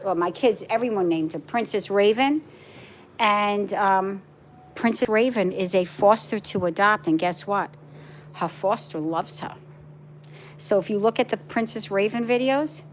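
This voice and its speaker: A middle-aged woman, a vlogger and pet rescuer, chats casually on a live stream from her home, indoors with her pets. Her medium-pitched voice comes with a little hiss or hum as she rambles and coos to her dogs.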